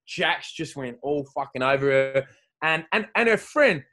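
A man's voice: a little high, animated, moderate pace, sharp tone. A man with an Australian accent telling rambling, profane stories in casual banter as a comedian hosting a podcast. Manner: profane, rambling, laughing storyteller.

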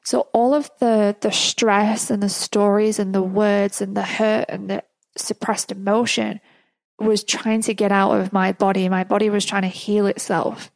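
A woman's voice: mid-range voice, little pitch movement, measured pace, creaky, dry recording. A woman hosting a podcast, telling a personal story in a chatty way and laughing often along the way. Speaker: podcast host.

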